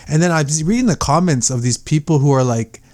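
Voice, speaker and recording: A man's voice: a little high, a little fast, darkish tone, dry recording. Rambling man with a dry close sound. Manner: rambling, filler-heavy, many restarts. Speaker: conspiracy video commentator. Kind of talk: casual rambling commentary.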